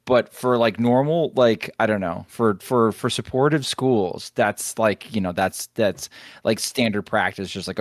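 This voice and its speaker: A man's voice: medium pitch, measured pace, no room sound, studio quality. A man co-hosting a podcast, making wry, joking asides in casual chat. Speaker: podcast co-host.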